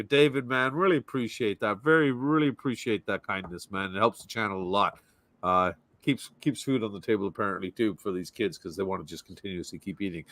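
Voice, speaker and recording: A man hosts a relaxed football chat, laughing easily as he jokes and reads out viewer comments. His pitch is average for a man. The sound is dry and close, with no room echo. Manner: laughs easily, joking and chatty. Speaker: podcast host reading viewer comments.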